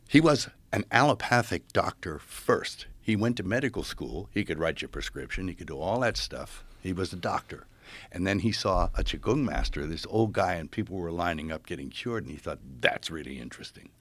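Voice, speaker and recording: Animated male storyteller, husky and dry, very low pitch. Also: normal speed, dry recording. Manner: animated storyteller, acts out quoted voices. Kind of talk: casual storytelling chat.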